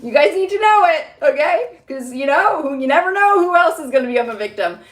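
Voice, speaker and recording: A woman psychic rambles through a casual vlog, stacking fillers and breaking into laughs. Her voice sits a little high, and the room around her rings with echo. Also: expressive, brisk, a bit bright. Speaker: psychic reader. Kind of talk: casual spiritual vlog talk. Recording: roomy echo.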